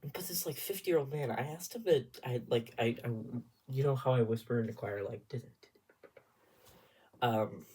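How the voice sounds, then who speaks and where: Breathy young man telling a rambling story. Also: mid-range voice, a little fast. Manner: rambling, animated, drops into whispers for asides. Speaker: vlogger. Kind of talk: casual storytelling vlog.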